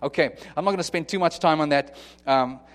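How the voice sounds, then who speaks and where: A man's voice: fairly high pitch, fairly quick. A man with a slightly raised voice preaches a sermon. He talks earnestly and conversationally, often restarting his sentences and acting out what people might say. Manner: earnest, conversational, with many restarts and acted-out quotes. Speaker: pastor.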